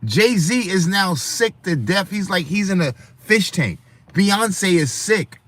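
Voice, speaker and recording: A man's voice: high voice, animated, slow pace, fairly bright tone, no echo. A man hosting a livestream, talking in a preachy, rambling way and often speaking to his chat. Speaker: livestream host. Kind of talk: casual livestream rant.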